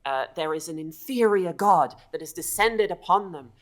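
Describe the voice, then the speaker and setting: A woman voicing a small, timid and eager male kobold who stammers in a high squeaky voice. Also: expressive, normal speed, lightly acted.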